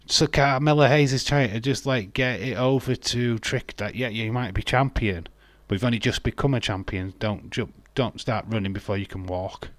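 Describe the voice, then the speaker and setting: An Englishman hosts a live wrestling watch-along, chatting casually, cracking jokes and reading viewer messages aloud as he answers them. His voice sits in the mid range, his pace is moderate with hardly any pauses, and there's no room sound.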